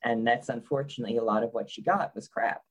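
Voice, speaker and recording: A woman's voice: a bass voice, fast, breathy edge, low-quality recording. A woman author being interviewed, speaking in a wry, opinionated and blunt way. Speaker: biographer guest. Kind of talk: conversational interview.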